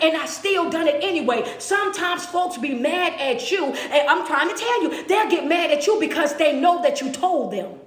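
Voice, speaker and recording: Woman, motivational talk, high voice, echoey room, repetitive rhetorical questions. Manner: preachy, repetitive, rhetorical questions, laughs often. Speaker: motivational speaker.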